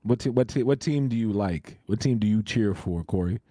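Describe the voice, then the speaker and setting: Mellow-voiced man hosting a live stream. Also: on the low side, fairly quick, no room sound, studio quality. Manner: laughs often, greets and answers chat. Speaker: crypto live-stream host. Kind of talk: casual live-stream chat.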